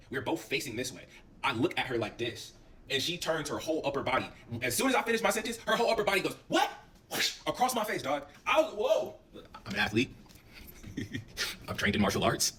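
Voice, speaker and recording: A young man casually telling a story, animated and full of slang and swearing. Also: a little high, distant mic, slight background noise.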